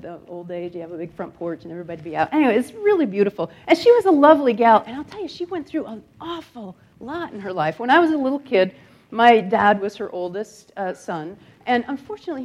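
A middle-aged woman from upstate New York preaching a sermon in a conversational storytelling way, dropping to a hushed near-whisper at grave moments. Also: mid-range voice. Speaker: guest speaker.

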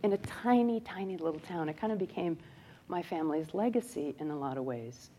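A woman's voice: low voice, lively intonation, brisk. Woman giving a storytelling sermon. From upstate New York. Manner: conversational storytelling, drops to a hushed near-whisper on grave moments. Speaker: guest speaker.

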